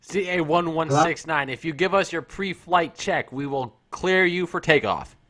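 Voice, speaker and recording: A dogged air traffic controller, played by a man, who keeps repeating formal call signs in an improvised comedy sketch. The voice is slightly high, and the delivery stays dry, formal and insistent. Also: normal speed, a bit bright, natural voice. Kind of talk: improvised comedy role-play over radio chatter.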